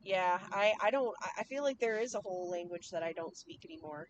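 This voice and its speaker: A woman guesting on a podcast in casual chat, chatty and quick to laugh, often trailing off mid-sentence. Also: fairly low pitch, expressive, slight background noise, poor audio.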